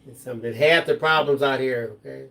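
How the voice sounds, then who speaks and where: A man's voice: medium pitch, brisk, gravelly, fairly bright tone. A man co-hosting a live craft stream, reading out viewer comments and joking along. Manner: joking, teasing.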